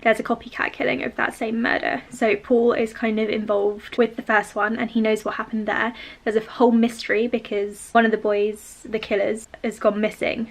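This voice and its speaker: Young uk woman vlogging about books, kinda high voice, gushy and breathless. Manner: gushing, emotional, talks fast and breathless about books. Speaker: book vlogger. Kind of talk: excited casual vlog chat.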